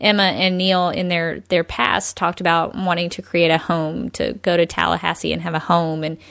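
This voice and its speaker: A woman's voice: lowish voice, flat delivery, normal speed, creaky, a bit bright, no echo. Chatty woman podcast host, dry sound. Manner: chatty, laughs often, many likes and ums. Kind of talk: casual podcast discussion.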